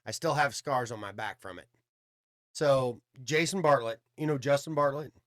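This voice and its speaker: At normal speed and with a medium pitch, a man appears as a podcast guest and tells a long story casually. He swears a lot and reenacts conversations, quoting what each person said with lively energy.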